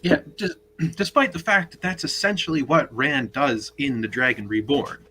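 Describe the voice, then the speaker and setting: A man's voice: mid-range voice, normal speed, pushed and bright, a little hiss or hum, rough recording. A man joining a casual podcast chat, laying out story details at length.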